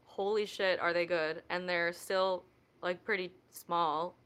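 Band guest on a podcast, a woman with a bright voice who swears freely. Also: on the low side, fairly even intonation, takes it slowly, clean tone. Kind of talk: casual podcast chat.

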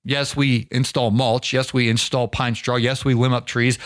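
A middle-aged man talks straight to his listeners as a podcast host and business coach, energetic and folksy. He often repeats words as he restarts a thought. His voice sits at an ordinary pitch in a dry, dead-sounding space. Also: a little fast, hardly any pauses, clear, resonant tone, dry recording. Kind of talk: casual podcast monologue.

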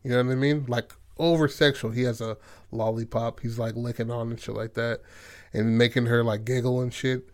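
A man's voice: mid-range voice, level tone, fairly quick, darkish tone. A man casually retelling a movie's plot as a podcast host, in a loose, profane way full of filler phrases. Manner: loose and profane, full of "like" and "you know what I mean".

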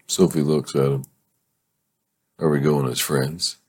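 A man's voice: extremely low pitch, flat delivery, unhurried, darkish tone, husky, dry recording. A man reading a romance novel aloud and often breaking off to laugh, swear and joke about the story. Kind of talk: casual read-aloud with commentary.

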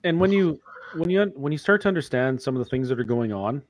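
A man's voice: mid-range voice, lively intonation, fast talker, dry recording. A man co-hosting a talk show, speaking earnestly and emphatically in casual chat. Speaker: podcast co-host.

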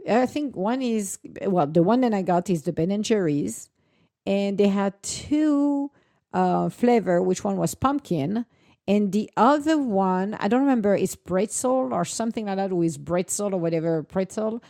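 A woman's voice: mid-range voice, lively intonation, unhurried, dark tone, dry recording, clean studio sound. A woman chatting casually in a vlog, telling stories animatedly, with laughter and acted-out quotes. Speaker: vlogger, dog owner. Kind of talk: casual chat.

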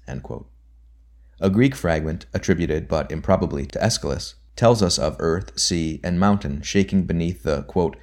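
A man with a very low, deep voice reads a nonfiction book aloud for an audiobook. His delivery is measured and deliberate. His voice sinks quietly whenever he marks off a quotation. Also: lively intonation. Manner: measured, deliberate reading that drops softly on quote markers. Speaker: audiobook narrator. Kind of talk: scripted reading of a nonfiction book.

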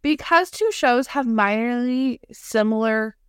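Chatty young woman, high smooth voice. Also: a little slow, no room sound, studio quality. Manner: chatty, animated, quotes herself in voices. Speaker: podcast co-host. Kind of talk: casual chat.

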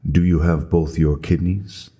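A man putting on a courtly old-timey gentleman. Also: deep voice, steady tone, slightly rough. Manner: formal, slow, old-fashioned phrasing.

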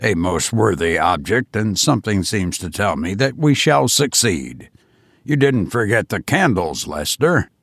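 A man reading a story aloud, voicing a bold man who leads his friends with brisk commands. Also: lowish voice, expressive, vocal fry, a bit bright, no echo, studio quality, pitched below the performer's own voice, exaggerated voice. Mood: commanding. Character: bold, brisk man leading a ghost hunt. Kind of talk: audiobook character voice.

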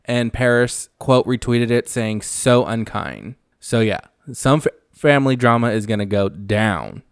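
A man's voice: medium pitch, expressive, measured pace, clean tone, no echo, studio quality. A man hosting a casual reality TV recap, chatty and gossipy, acting out what the cast members say.

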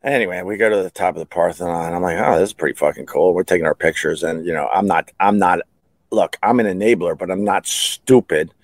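Rambling alone through his personal stories, this middle-aged podcast host, who used to work in radio, swears and laughs at himself. He speaks a little fast in a low-pitched voice, with no room sound in the recording.

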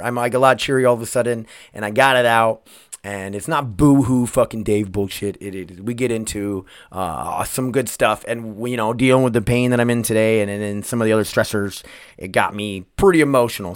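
A man's voice: medium pitch, clean tone, dry recording, studio quality. A man hosting his own podcast, rambling, swearing and emotional, calling the listeners "you guys.". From United States. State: emotional, choked up. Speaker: podcast host. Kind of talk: casual solo podcast monologue.

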